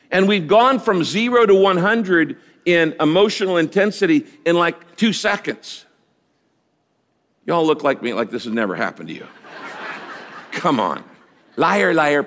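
Lively middle-aged male pastor preaching. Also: on the high side, unhurried, long reverb tail. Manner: conversational preaching, rising with emphasis, teasing the congregation. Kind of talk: sermon.

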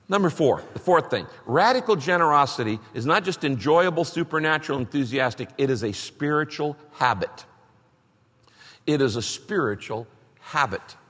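Male pastor, slightly high voice, emphatic sermon delivery, long hall reverb. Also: a bit bright. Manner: emphatic preaching with rising bursts.

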